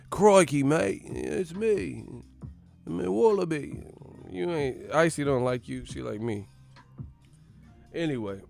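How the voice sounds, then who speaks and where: Man, boxing channel host, lively swinging pitch, loud joking slang, faint music underneath. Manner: loud, playful, slangy, yells movie catchphrases. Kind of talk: casual livestream banter.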